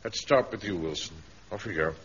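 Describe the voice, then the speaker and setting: An actor playing a pompous, officious middle-aged captain in a radio comedy. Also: male voice, sits low, fairly quick, a bit bright, slight background noise. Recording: dull archive radio recording.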